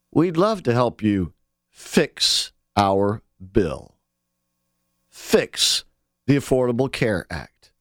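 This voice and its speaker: A man with a high-pitched voice runs a political talk radio monologue, heated and mocking by turns. He pushes his listeners to pick up the phone. The sound is dry and close, with no room around it. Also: dry recording. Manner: fired-up, sarcastic, calls on listeners to act.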